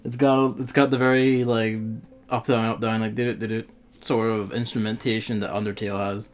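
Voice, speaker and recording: Gravelly, sweary man streaming games. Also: lowish voice, little pitch movement, a little fast. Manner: rambling, offhand, sweary. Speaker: streamer playing a mobile game. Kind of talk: casual gaming stream chat.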